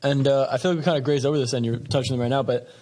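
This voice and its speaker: A man's voice: mid-range voice, fairly even intonation, racing, dark tone. A man hosting a podcast, asking laid-back questions in casual chat. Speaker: podcast host.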